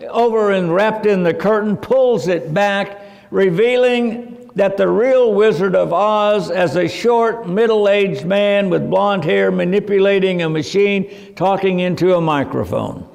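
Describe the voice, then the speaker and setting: A man teaching a religious seminar in a slow, preacherly manner. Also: sits high, vocal fry, darkish tone, in a large hall.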